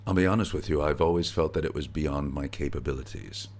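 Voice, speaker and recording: A middle-aged actor, a guest in an interview, telling stories in a relaxed way with easy laughs, recorded backstage at a theatre. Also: male voice, rumbling low, fast. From United States. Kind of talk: conversational interview.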